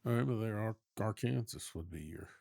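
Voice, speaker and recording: A man hosting a sports talk show, chatting casually with opinionated, quick back-and-forth banter. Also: fairly low pitch, animated, vocal fry, warm tone, no echo, studio quality.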